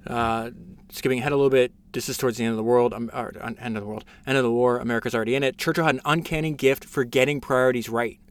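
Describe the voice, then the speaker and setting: A man hosting a casual podcast races through an enthusiastic summary of a biography, reading passages aloud with frequent fillers and restarts. His mid-range voice keeps a steady tone.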